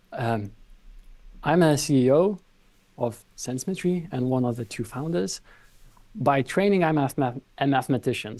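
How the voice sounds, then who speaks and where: A man's voice: medium pitch, warm tone, no room sound. A man with a Lithuanian accent, a podcast guest and company founder, explaining his work in a thoughtful, conversational way, often restarting his sentences.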